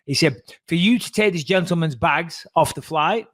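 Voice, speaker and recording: A man co-hosting a podcast, telling a story in a casual, animated way, swearing freely and acting out the voices of the people he quotes. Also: fairly high pitch, normal speed, no room sound. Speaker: podcast co-host.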